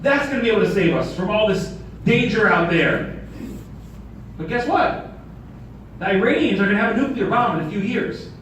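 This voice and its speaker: A man's voice: high-pitched, lively intonation, moderate pace, pauses often, fairly bright tone. A man giving a sermon as a rabbi, telling a story with humor and rhetorical questions. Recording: echoey hall, distant mic, faint noise.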